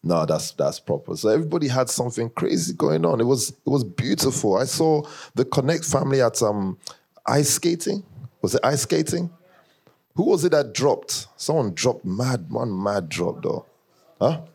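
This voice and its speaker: A man's voice: medium pitch, normal speed, gravelly, husky. A man with an African accent leading a church leadership class, talking casually and teasing the congregation with lots of laughter. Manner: animated, teasing, often laughing, chats with the audience. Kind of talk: casual joking talk to a congregation.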